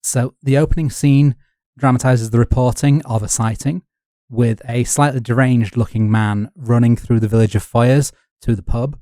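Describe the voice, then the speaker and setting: A man from the north of England co-hosting a history podcast, telling the story with wry, deadpan humour. His voice sits mellow and dark in a close, dry recording. His colours the relaxed talk. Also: mid-range voice, normal speed, dry recording. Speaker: podcast co-host. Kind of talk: casual history podcast chat.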